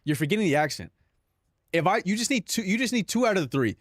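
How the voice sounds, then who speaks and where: Young man, streamer, casual profane joking, slightly high voice, dry close mic. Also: very animated, fast talker, a bit bright, dry recording. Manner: joking, profane, laughs at his own bits. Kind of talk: casual live-stream chat.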